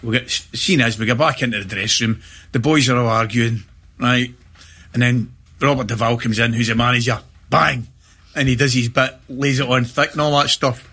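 A middle-aged Scottish man chatting as a guest, spinning animated anecdotes. His voice is bright and forward with a husky edge. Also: mid-range voice, normal speed. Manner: animated anecdotes with laughter and acted-out shouts. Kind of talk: storytelling in casual chat.

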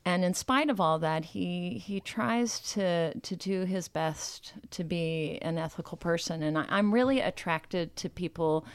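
A woman's voice: lowish voice, unhurried, hardly any pauses, smooth, no room sound. A woman chatting as a guest, thoughtful and hesitant as she searches for words. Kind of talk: casual chat.

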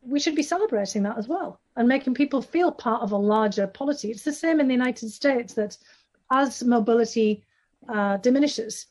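In an interview, a woman author with a Northeast English accent gives lengthy replies, stumbling through fillers and restarts. She speaks on the high side at a moderate pace, her tone a little mellow.

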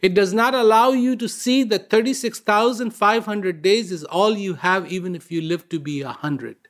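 A man's voice: sits high, moderate pace. A man hosting an inspirational talk, earnest and emphatic, repeating key words and asking rhetorical questions. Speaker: speaker, show host.

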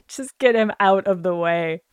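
Slow, giggly woman playing a tabletop game. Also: medium pitch, clear, resonant tone, no room sound, studio quality. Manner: giggly, playful, laughs often. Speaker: player. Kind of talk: casual tabletop play.

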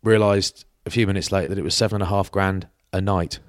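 A British man telling lively laddish stories in a casual podcast chat. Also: deep voice, fast talker, a little hiss or hum. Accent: British English. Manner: laddish banter, lively anecdotes with acted quotes. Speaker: podcast co-host.

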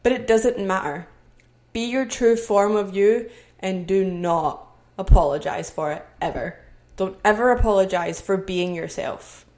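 A young woman from Scotland talks directly to her listeners on a solo podcast made in her own home. Her Scottish-accented voice is medium in pitch, measured and a little mellow, and her earnest tone builds toward motivational encouragement.

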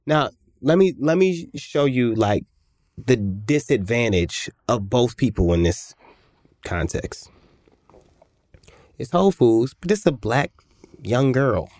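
A man, a musician guest telling a story in a lively, animated way and acting out other people's voices. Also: medium pitch, takes it slowly, long pauses, no room sound, studio quality. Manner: animated, acts out voices in stories. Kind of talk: conversational storytelling.

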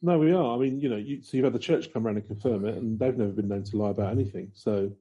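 Husky, sardonic male podcast co-host. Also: on the low side, quick pace, warm tone, highs cut off. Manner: sardonic, wry storytelling. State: slight frog in throat. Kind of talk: casual banter.

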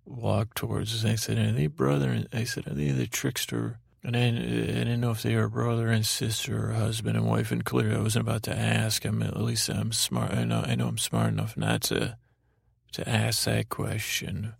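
Gravelly man rambling a sleepy story. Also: fairly even intonation, no echo, clean studio sound. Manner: meandering, halting, lots of fillers and restarts; drowsy, low-key storytelling. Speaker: podcast host.

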